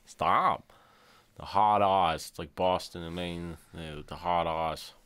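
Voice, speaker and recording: A man's voice: sits low, fairly even intonation, a little slow, smooth. A man co-hosting a podcast in casual chat, chiming in with short, offhand remarks. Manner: short, offhand chimes into the talk. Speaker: podcast co-host.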